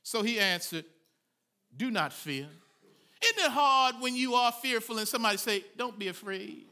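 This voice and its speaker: High, bright-voiced preaching man. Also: expressive, normal speed. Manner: dramatic preaching, rising to shouts; folksy asides between scripture readings. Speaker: pastor. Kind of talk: sermon.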